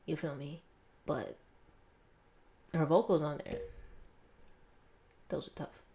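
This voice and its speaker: A young woman talks casually through an album reaction, full of slang, laughter and muttered side comments. Her voice sits a little low for a woman. Her delivery is loose and chatty. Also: fairly even intonation, slow, dark tone. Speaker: music reaction host.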